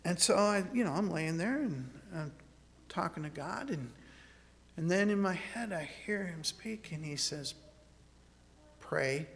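A man preaching a sermon, moving from scripture into a personal story, earnest and halting, often repeating words as he restarts. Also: high voice, expressive, long reverb tail.

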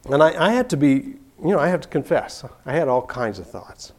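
A man's voice: a little high, darkish tone. An older man telling a personal story in an easygoing way, chuckling often and restarting his sentences.

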